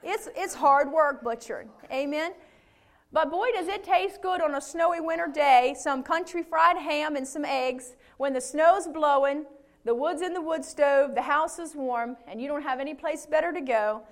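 A woman pastor preaching a sermon in a folksy, animated way, dropping in amens and hallelujahs. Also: high-pitched, normal speed.

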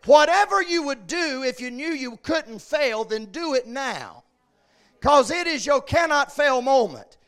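A man preaching a sermon, swinging between shouted peaks and quiet asides. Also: extremely high pitch, sing-song, unhurried.

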